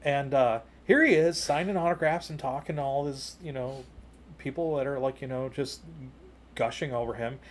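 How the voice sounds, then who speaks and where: Guy on a podcast telling a long story, middle-pitched voice, says you know and like a lot, gets loud and high at the good bits. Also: moderate pace. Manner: jumps higher and louder when retelling excited moments. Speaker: podcast co-host. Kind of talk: casual storytelling chat.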